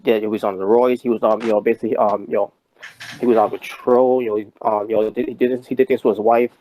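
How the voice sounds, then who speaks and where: A man's voice: fairly low pitch, flat delivery, fast, warm tone, low-quality recording. A man co-hosting a podcast, rambling in casual wrestling talk with many restarts and fillers. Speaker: podcast co-host.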